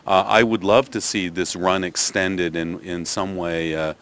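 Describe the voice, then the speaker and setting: A man's voice: deep voice, fairly even intonation, a little slow, fairly bright tone, slight background noise. An older man with a Canadian accent, a theatre director answering interview questions thoughtfully, with many restarts and fillers. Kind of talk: press interview.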